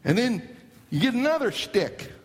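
A man preaching a sermon dramatically, swinging from hushed lines to near shouts. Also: very high voice, big pitch swings, moderate pace. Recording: long hall reverb.

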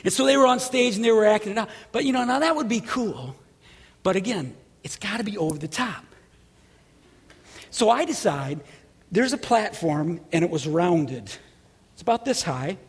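Male pastor, very high and raspy-edged, lively storyteller, reverberant church hall. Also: normal speed. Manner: animated, shouts at story peaks. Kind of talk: sermon with storytelling.

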